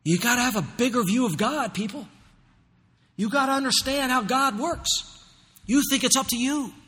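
A man preaching a sermon as pastor, fervent and emphatic, at times building to near-shouting. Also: extremely high pitch, normal speed, long reverb tail. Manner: fervent, rising to near-shouting in rhetorical questions. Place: church.

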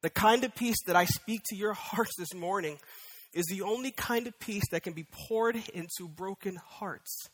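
A man preaches a sermon, his voice set high. His tone is bright and forceful. He builds to loud, emphatic, repeated declarations. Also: normal speed. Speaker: pastor.

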